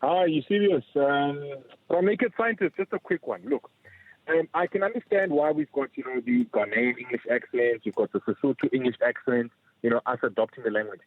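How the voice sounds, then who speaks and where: A man's voice: medium pitch, a little fast, no room sound. A man phoning in to a radio show, asking a curious question with lots of hesitant fillers. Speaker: caller. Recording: tinny phone line.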